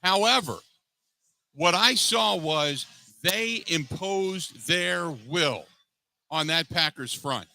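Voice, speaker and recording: A man's voice: fairly high pitch, expressive, takes it slowly, creaky, sharp tone, poor audio. A man hosting a post-game sports call-in show, emphatic, repeating himself with frequent restarts. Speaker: sports radio host.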